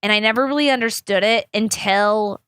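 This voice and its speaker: Bright-voiced woman telling a story. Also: medium pitch, moderate pace, clear, resonant tone, no room sound, clean studio sound. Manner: swears freely, chatty and rambling; acts out quoted people in big voices. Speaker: podcast host. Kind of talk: casual storytelling chat.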